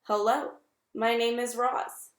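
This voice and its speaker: A woman's voice: fairly high pitch, little pitch movement, slow, echoey room. Woman doing a screechy alarmed owl. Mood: puzzled. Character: anxious male owl leader, screechy.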